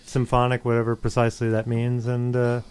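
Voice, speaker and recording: An easygoing man appearing as a guest composer, talking quickly. His voice is smooth and clear, and he sometimes hesitates as he explains his music. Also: medium pitch, monotone, a little mellow. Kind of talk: casual interview talk.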